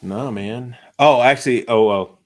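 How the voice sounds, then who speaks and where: A man's voice: mid-range voice, measured pace. A man co-hosting a live talk show, chatting casually, laughing often and restarting his sentences. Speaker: podcast co-host. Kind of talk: casual chat.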